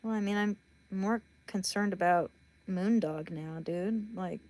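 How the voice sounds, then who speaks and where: Woman livestreamer, blunt and chatty, mid-pitched voice, talks right to her viewers. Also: unhurried, a little mellow. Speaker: livestream host. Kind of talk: casual livestream chat.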